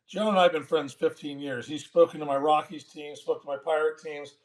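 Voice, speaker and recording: An older man with a slightly high voice tells a long story in an interview. He is folksy and animated, and he acts out the other people's lines as he goes. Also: brisk. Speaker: guest, former baseball manager.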